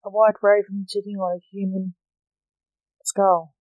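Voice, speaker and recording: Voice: medium pitch, little pitch movement, measured pace, no room sound, phone-quality sound, close to an everyday voice. A reader doing a snappy, sarcastic son. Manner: snappy, dismissive. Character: snappy, sarcastic adult male son, necromancer.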